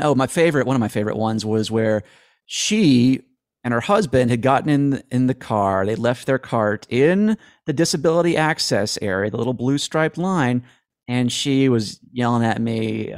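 A man's voice: mid-range voice, normal speed, no room sound, studio quality. A man answering interview questions in a rambling, self-deprecating way, often restarting his sentences. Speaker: guest.

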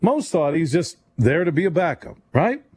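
A man hosting a late-night sports radio call-in show, talking quickly and giving strong opinions between callers. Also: a little high, very animated, a little mellow, breathy edge. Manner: fast, conversational, opinionated. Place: radio studio.

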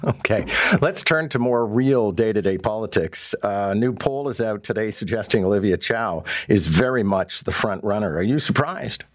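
Male radio host, low-ish, wry, conversational. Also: expressive, normal speed. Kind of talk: radio interview hosting.

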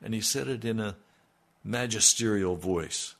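An older man preaching on the radio as a pastor, earnest and reflective, his voice sinking low at the ends of thoughts. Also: creaky, a bit bright. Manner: slow, earnest, dropping to near-murmurs. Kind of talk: radio sermon.

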